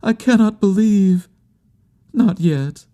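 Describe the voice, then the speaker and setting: A bass-baritone man voicing a grief-stricken young woman mourning her lost love in an audiobook, anguished and pleading. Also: slow, warm tone. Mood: grieving. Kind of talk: audiobook character voice.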